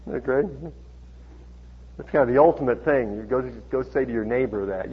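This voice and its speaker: A man preaching a conversational sermon, reading scripture and adding chuckling asides, animated when he acts out the dialogue. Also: medium pitch, fairly quick, pauses often, husky. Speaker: pastor. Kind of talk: sermon, expository Bible teaching. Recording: dull lo-fi sermon recording.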